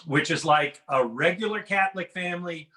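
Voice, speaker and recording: High bright-voiced man doing stand-up. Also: moderate pace. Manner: conversational, self-deprecating joke delivery. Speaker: stand-up comedian. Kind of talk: stand-up comedy set. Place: home in a house.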